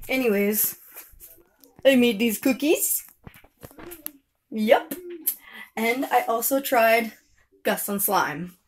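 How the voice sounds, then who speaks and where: A woman's voice: fairly high pitch, takes it slowly, long pauses. A woman and mother vlogging at home, telling a rambling story to the camera with light laughs. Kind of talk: casual chat to camera.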